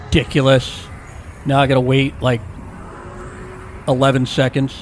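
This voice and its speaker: A man's voice: medium pitch, monotone, measured pace, slight background noise. A man giving a casual walking-tour narration as a vlogger, chatty and full of jokey, rambling asides, recorded outdoors on city streets.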